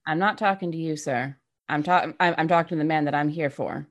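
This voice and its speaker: Low-voiced woman playing a firm marshal. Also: fairly quick. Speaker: player voicing a marshal character. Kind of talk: in-character tabletop role-play.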